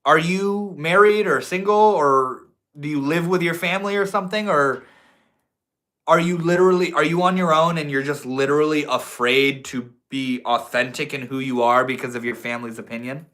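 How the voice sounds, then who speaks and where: Loose, profane livestream host. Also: male voice, a little high, normal speed, a bit bright. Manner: loose, profane, says bro and dude, preachy bursts. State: tipsy. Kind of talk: casual livestream chat reading comments. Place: indoors at home.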